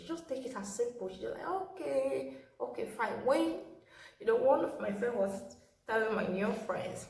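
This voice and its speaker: A woman's voice: mid-range voice, vocal fry. A woman vlogging in a casual, rambling way, telling a personal story and quoting what she and others said. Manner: rambling, recounts talks by quoting herself and others. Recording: roomy and distant from the mic.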